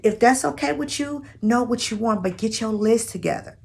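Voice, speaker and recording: A woman's voice: fairly high pitch, moderate pace, vocal fry, a little mellow, breathy edge. A woman vlogging dating advice to viewers she calls sis, in a chatty, preachy, spiritual way. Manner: spiritual, encourages prayer and manifesting. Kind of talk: casual motivational talk to camera.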